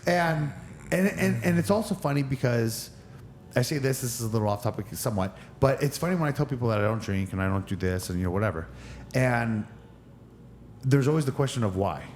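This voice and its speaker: A man's voice: mid-range voice, lively intonation, brisk, darkish tone, slight background noise. A man in his forties from Northern California, a wrestler telling stories as a podcast guest, rambling with many restarts, nursing an injured knee. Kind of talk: casual podcast interview.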